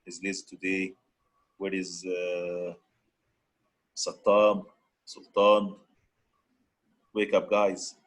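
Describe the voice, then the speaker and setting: A man's voice: low-pitched, level tone, very slow, long pauses, poor audio. A man teaching an English grammar lesson, switching between Arabic and English and repeatedly prodding his students to answer.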